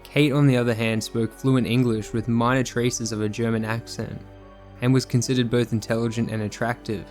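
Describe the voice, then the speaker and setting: A man reading a scripted true crime narration in a measured, sombre manner. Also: medium pitch, flat delivery, a little mellow, soft background music.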